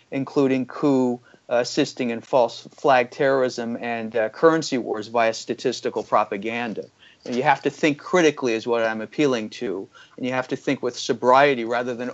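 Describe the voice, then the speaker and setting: Heard through a muffled recording, a man with a mid-range voice criticizes economic matters as a guest in an interview. His style is argumentative and full of fillers.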